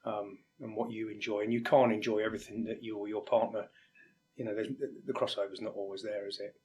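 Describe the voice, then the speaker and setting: A man from England, a firefighter, speaking candidly and haltingly in an interview, sometimes acting out quoted exchanges. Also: fairly low pitch, flat delivery, darkish tone, slight background noise. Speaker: firefighter guest. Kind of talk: reflective interview talk.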